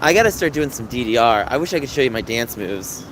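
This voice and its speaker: A man in his thirties talks with his viewers as he walks through the city at night. His voice sits at a middle pitch, with clear street and traffic noise behind it. He sounds chatty and openly emotional while he answers comments. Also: animated, quick pace, fairly bright tone, low-quality recording. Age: 30s. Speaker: livestreamer. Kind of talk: casual livestream chat.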